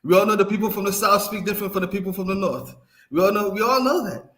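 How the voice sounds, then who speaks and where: A man's voice: high-pitched, fast talker, a bit bright. A man from New York, a caller on a stream, arguing insistently, cutting in and laughing often. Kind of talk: casual argument on a stream.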